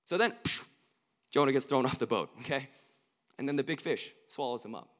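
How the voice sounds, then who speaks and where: A young man preaching a casual, joking sermon to college students. He swings between hushed earnest lines and loud emphatic bursts. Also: medium pitch, expressive, a little fast. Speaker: campus ministry speaker.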